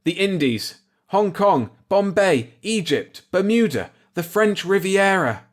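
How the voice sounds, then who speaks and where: A man reading aloud, voicing his worn-out male hero who bursts out in excited, near-shouted lists. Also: sits high, slow pace, pitched above the performer's own voice, full character voice. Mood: elated. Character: weary male killer, suddenly elated.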